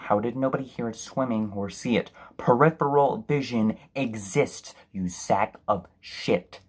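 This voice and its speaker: A man delivers a film review as a long, profane rant. His voice is husky and middle-pitched, and his tone is sarcastic and exasperated throughout. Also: unhurried, a little mellow. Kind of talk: ranting film review commentary.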